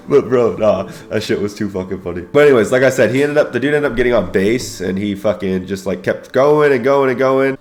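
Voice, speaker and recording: Young guy, quick and profane, storytelling with a bro-heavy delivery. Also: medium pitch, soft background music. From United States. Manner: profane, slangy, excitable, keeps saying bro. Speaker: YouTuber and Air Force veteran. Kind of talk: casual storytelling.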